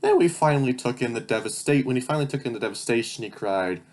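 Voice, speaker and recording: Young man, middle-pitched voice, reads his kid stories aloud, incredulous and sarcastic commentary. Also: lively intonation, fast, darkish tone. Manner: incredulous, sarcastic, swearing asides. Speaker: channel host.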